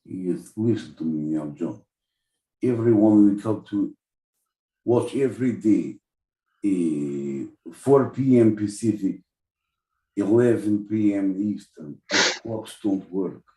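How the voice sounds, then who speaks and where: A man's voice: fairly low pitch, slow pace, dark tone, roomy sound, far from the mic. A man voicing a Russian man with a put-on Russian accent and broken grammar. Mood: emphatic.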